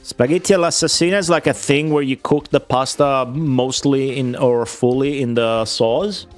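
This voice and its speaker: Profane man ranting excitably. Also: medium pitch, normal speed, soft background music. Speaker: streamer. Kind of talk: casual livestream chat.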